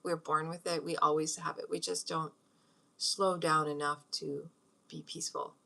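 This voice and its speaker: A middle-aged woman talks casually at home, rambling between thoughts and laughing often. Her voice sits a little low, yet sounds bright and forward. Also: level tone, moderate pace, gravelly. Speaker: host leading a meditation practice. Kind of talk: casual spoken talk with guided breathing.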